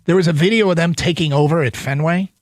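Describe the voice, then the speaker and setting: A man's voice: fairly high pitch, fast, dry recording. A man hosting a sports talk radio show, chatting enthusiastically in a studio. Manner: enthusiastic, animated. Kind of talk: casual sports radio chat.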